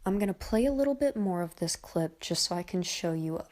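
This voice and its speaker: Woman, voice-over commentary, analytical, measured, slightly low voice, soft whispery asides. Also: expressive. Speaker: YouTube commentator on body language.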